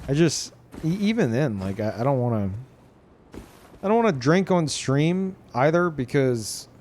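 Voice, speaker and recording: A man's voice: a little high, sing-song, measured pace, a little mellow, slight background noise. Rambling, profane male streamer. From Louisiana, US. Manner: rambling, profane, many restarts. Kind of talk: casual live-stream chat.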